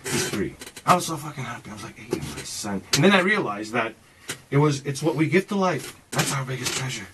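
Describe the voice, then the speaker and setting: Over a noisy background, a forties-aged man talks a little fast in a medium-pitched, sing-song voice. His monologue is loose and rambling, full of swearing and emphatic philosophizing about his own views, and he keeps calling the listener "man."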